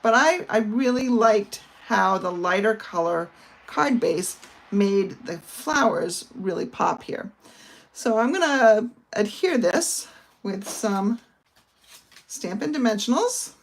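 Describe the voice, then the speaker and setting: In a casual crafting demonstration, a papercraft instructor walks through a card-making project one step at a time. She's a middle-aged woman from the northern United States who speaks slowly in an animated, mid-range voice.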